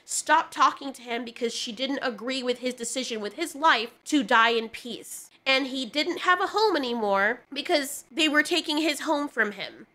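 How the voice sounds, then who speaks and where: Young woman, high voice, bright tone, earnest, rambling casual commentary. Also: moderate pace, hardly any pauses. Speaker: video reviewer.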